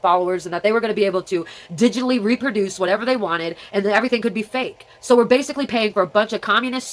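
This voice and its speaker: A woman's voice: mid-range voice, fairly bright tone, rough recording. A woman with a childlike way of speaking, talking at home in a rambling casual vlog monologue that jumps between topics. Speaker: vlogger.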